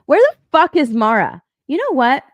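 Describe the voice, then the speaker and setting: A young woman hosting a live stream alone, talking in a loose, rambling way that loops back on itself. Her pitch jumps around a lot. She swears casually and laughs often. The sound is close and dry, with no room echo. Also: very animated, moderate pace. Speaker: stream co-host.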